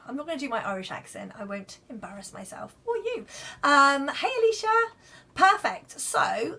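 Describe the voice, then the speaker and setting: A woman with a bright, high-pitched voice runs a live card reading. She talks chattily and reassuringly to her viewers and keeps checking in with them as she goes. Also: sing-song, moderate pace, slight background noise. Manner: chatty, reassuring, lots of "okay?" and "right?". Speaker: card reader.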